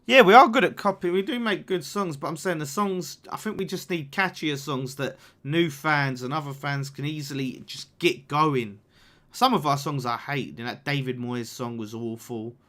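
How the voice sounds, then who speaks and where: A young man talks through a live match watchalong in a bright, forceful voice that sits a little high. He chats casually, swears freely and reacts out loud to every attack and corner. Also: normal speed. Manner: chatty, swears, reacts loudly to the game and reads super chats. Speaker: fan channel watchalong host.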